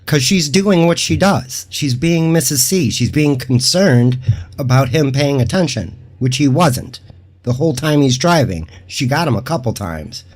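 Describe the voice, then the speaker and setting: A man with an unusual-sounding voice co-hosts a relaxed commentary chat. He rambles, trips over his sentences and restarts them, and keeps an easygoing tone throughout. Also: mid-range voice, moderate pace. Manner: loose, rambling, often restarts. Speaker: co-host.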